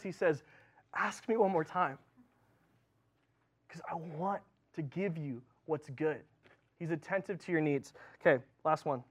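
A man preaching a sermon in a relaxed, chatty way, full of fillers and restarts. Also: high voice. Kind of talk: casual sermon.

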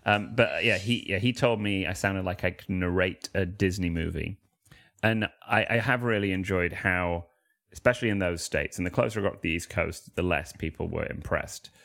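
A man's voice: low voice, normal speed, gravelly, a bit bright. A man with a Mancunian accent, a comedian guest telling wry, rambling anecdotes in casual chat. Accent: Mancunian English. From Manchester, England. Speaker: guest, comedian and freestyle rapper.

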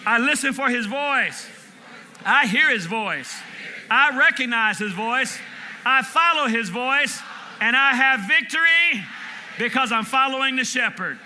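A man in his fifties preaching a sermon from Michigan, shouting call-and-response lines and chanting repeated words. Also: extremely high pitch, animated, measured pace, a little hiss or hum. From Michigan, USA. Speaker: pastor.

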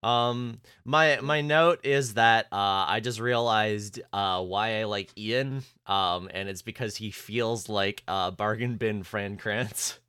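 A man with a very deep, low voice talks in a loose, hesitant way, full of ums and restarts as he thinks aloud. His tone is bright and clean, and the sound is close and dry with no room around it. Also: smooth, dry recording. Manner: hesitant, many fillers, drawn-out and musing. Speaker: podcast co-host. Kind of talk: casual chat.

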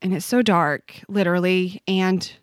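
A woman's voice: fairly low pitch, steady tone, a little slow, no echo, clean studio sound. A woman in her forties, a podcast guest, telling a personal story in an earnest, heartfelt way that often halts and restarts. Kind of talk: personal testimony in conversation.

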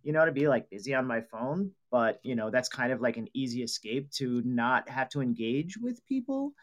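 A man co-hosting a casual talk show, agreeable and chiming in with quick reactions. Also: mid-range voice, animated. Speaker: co-host. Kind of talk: casual chat.

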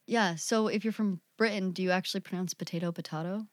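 A woman's voice: lowish voice, steady tone, quick pace, dry recording, clean studio sound. A woman co-hosting a podcast in casual, chatty conversation. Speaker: podcast co-host. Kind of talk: casual chat.

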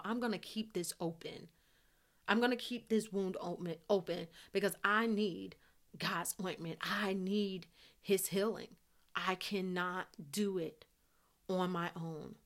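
A woman's voice: fairly low pitch, fairly bright tone. A woman hosting a devotional podcast, teaching in an earnest way and repeating phrases for emphasis. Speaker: podcast host.

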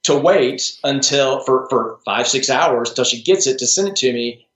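A man's voice: mid-range voice, lively intonation, moderate pace, fairly bright tone. A man, a strengths coach, is a guest on a podcast interview. He talks in a thoughtful, casual way, often restarting and adding asides. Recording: roomy, dull lo-fi sound.

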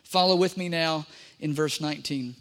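Man, pastor, sermon, high-pitched voice, emphatic, repetitive, addresses congregation. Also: steady tone, moderate pace, fairly bright tone. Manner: emphatic, repeats key phrases, addresses the congregation directly.

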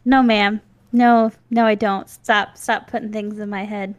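A woman's voice: mid-range voice, level tone, a little slow, no echo, dull audio. A woman in her twenties co-hosting a casual podcast from home, teasing and laughing easily, on a mic with a pop filter. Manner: giggly, teasing. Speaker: podcast co-host. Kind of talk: casual chat. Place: home recording setup. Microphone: studio mic with pop filter.

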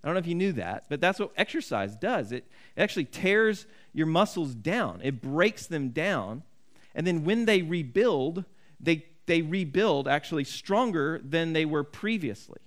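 A man preaching a sermon in a somewhat high voice. He talks in an earnest, conversational way and often restarts his sentences. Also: big pitch swings, moderate pace. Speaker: pastor.

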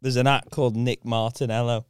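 A man chatting with friends, telling a slangy story and laughing through it. His voice is smooth and clear. It sits close and dry on the mic. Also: medium pitch, level tone, brisk, dry recording. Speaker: stand-up comedian. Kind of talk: casual chat, storytelling anecdotes.

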